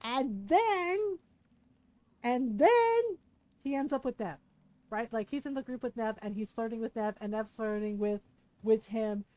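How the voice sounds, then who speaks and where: A high-pitched woman streams a game and chats casually with her viewers, speaking a little slowly on a low-quality recording. She rambles animatedly, swears freely, and puts on little voices to act out what her friends said.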